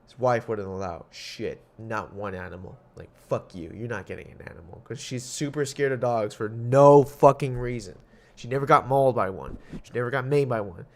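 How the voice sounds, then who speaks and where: At a moderate pace and in a mid-range voice, a young man hosts his own casual podcast. He rambles loosely, drops swear words and jokes, and coughs from time to time.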